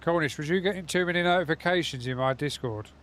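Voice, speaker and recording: A man's voice: on the high side, quick pace, a bit bright. Chatty man streaming a game. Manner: chatty, rambling, talks straight to his viewers. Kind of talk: casual live gaming stream chat.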